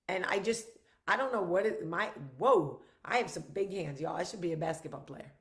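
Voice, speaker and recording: A middle-aged woman hosting her own vlog, talking candidly to viewers, blunt and emphatic with frequent swearing, earnest and reassuring. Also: fairly high pitch. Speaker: vlog host.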